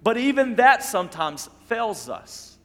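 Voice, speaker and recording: A man preaching a sermon as pastor, emphatic and repetitive, dropping to soft low tones on key phrases. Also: big pitch swings, a little slow, in a large hall.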